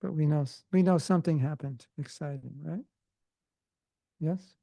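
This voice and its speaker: A man's voice: on the high side, moderate pace, creaky, mellow, dry recording, low-quality recording. A man with a Californian accent giving an informal devotional class, talking conversationally with joking asides. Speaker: spiritual teacher.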